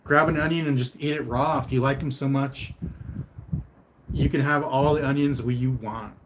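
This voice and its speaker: A man's voice: mid-range voice, steady tone, normal speed, noisy background. A man casually chatting with viewers on a livestream. He reads out their comments and answers them in a meandering, laid-back way with mild humor.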